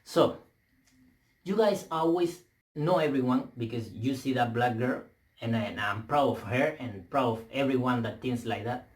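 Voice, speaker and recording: A young man with a Spanish accent rants straight into a camera mic, English clearly not his first language. He is profane and emphatic, stumbling into restarts as he pushes his point. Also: medium pitch, moderate pace. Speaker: vlogger. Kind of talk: heated rant to camera.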